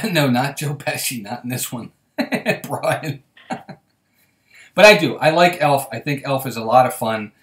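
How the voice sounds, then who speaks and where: A man hosting a casual live stream, with a lively, bouncing voice that rises and falls. He chats freely, laughs a lot and reads viewer comments aloud. The sound has a roomy echo. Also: medium pitch, a little slow, long pauses. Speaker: host.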